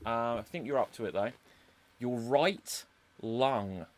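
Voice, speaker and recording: A man's voice: medium pitch, slow. A man hosting an improv comedy stream, joking and teasing with loose, hesitant delivery. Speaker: host.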